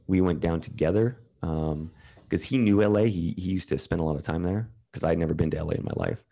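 A man's voice: sits low, fast, creaky, mellow. A man guest on a talk podcast, telling candid, profane stories and acting out what others said to him. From Canada. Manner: candid, profane, retells quotes in others' voices. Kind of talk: casual storytelling.

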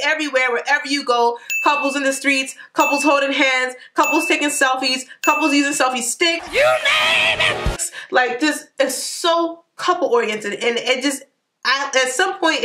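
A sassy woman vlogging straight to camera, with a high voice and a quick, slangy delivery. Her tone is bright and forceful, and she punches her points with emphasis and laughing asides. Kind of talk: casual storytelling to camera.

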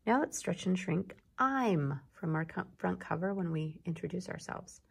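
Husky-voiced woman teacher, slightly low, patient phonics lesson. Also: expressive. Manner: slow, patient, sound-by-sound teaching. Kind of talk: early reading lesson.

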